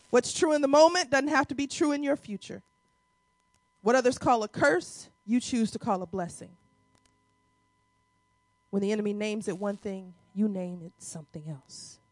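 Animated high-voiced woman preacher. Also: measured pace, pauses often, dry recording. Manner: animated, emphatic, vernacular preaching with congregation calls. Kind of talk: sermon. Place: church before a congregation.

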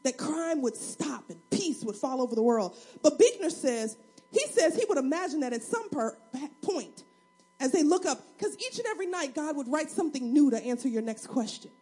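A woman preaching a sermon, telling a personal story in an animated, humorous way that swings between loud and soft. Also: high voice, moderate pace. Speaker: single mother of two.

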